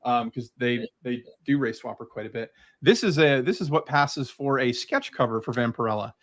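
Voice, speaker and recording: On a casual video chat, a guest creator talks eagerly about his collection at a moderate pace. His voice sits at medium pitch, and his talk wanders, packed with fillers.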